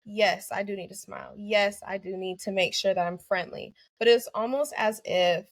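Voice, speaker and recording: A woman's voice: mid-range voice, steady tone, normal speed, no echo. A young woman, an anesthesia student guest on a podcast, speaking in an earnest, reflective way with many "you know" fillers. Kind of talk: podcast interview.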